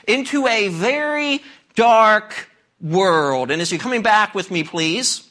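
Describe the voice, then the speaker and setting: A man's voice: sits high, expressive, slow pace, sharp tone. A man preaching a sermon, emphatic and questioning the congregation directly. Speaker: pastor.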